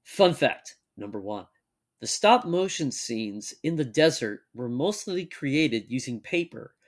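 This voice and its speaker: A young man co-hosting a casual chat, joking and laughing often, and reading text aloud at a measured pace. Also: mid-range voice, expressive. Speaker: podcast co-host.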